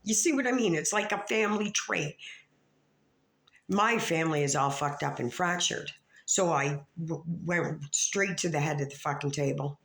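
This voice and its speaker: A woman vlogger in a rambling, profane rant that calls out other creators. She stammers and restarts, and she swings from low mutters to sharp outbursts. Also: moderate pace. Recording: echoey room.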